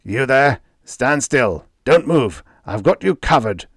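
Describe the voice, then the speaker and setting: A man's voice: mid-range voice, animated, takes it slowly, fairly bright tone, husky, no echo, clean studio sound, voice pushed up, heavily acted. A man voicing a slovenly, crooked small-town sheriff who barks his orders, in an audiobook reading. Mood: barking. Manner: barking and sly.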